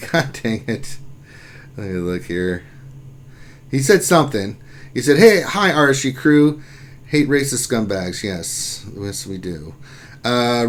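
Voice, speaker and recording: A man hosting a casual lunchtime live stream, chatting loosely and reading out viewers' names and messages, often trailing off into quieter asides. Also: mid-range voice.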